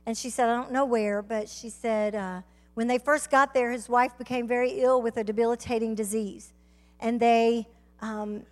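A high-pitched woman with a Southern US accent, preaching her testimony to a church. She tells her story with fervour and swells into cries of praise. Her voice rings through a reverberant sanctuary with a long tail. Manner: fervent storytelling preacher, rising to shouts. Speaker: guest speaker. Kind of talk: testimony sermon. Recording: reverberant hall.

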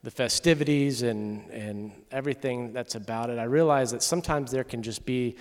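A young man from Texas giving a sermon as a guest preacher, telling a story in a conversational, lively way. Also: medium pitch, moderate pace. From Texas, USA. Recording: long hall reverb.

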